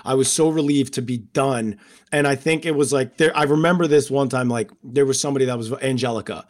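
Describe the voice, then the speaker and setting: A man's voice: mid-range voice, fairly quick. A man co-hosting a casual podcast chat, talking in long, rambling, heartfelt stretches full of fillers. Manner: rambling and emotional, many fillers. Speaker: podcast co-host and former contestant.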